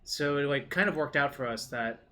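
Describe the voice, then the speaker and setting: A man's voice: a little high, a little fast, noisy background. A man commentating his own card game match in a casual way, thinking aloud and swearing now and then.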